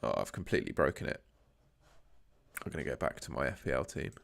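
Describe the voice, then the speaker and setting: A man's voice: extremely low pitch, expressive, quick pace, gravelly, fairly bright tone, dry recording. A young man hosting a casual live stream, chatting and thinking aloud as he sorts out his screen. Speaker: host.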